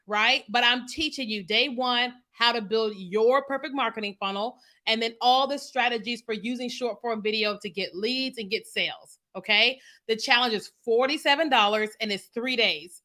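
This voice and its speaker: A woman's voice: on the high side, sharp tone. A woman business coach chatting casually with viewers on a livestream, often asking "you know what I mean?". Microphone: computer mic on a streaming setup.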